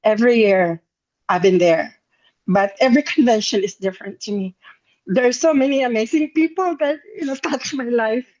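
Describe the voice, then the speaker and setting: A woman telling an emotional personal story on a video call, halting and near tears, repeating herself as she speaks. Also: a little high, a little mellow, dull audio. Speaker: guest member sharing a story. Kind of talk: emotional testimonial on a group call.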